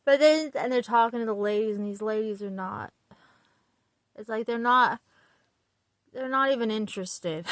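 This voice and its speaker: A woman's voice: a little high, normal speed, pauses often, no room sound. A woman chatting casually about a book while getting ready, rambling and laughing often as she retells scenes. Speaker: vlogger.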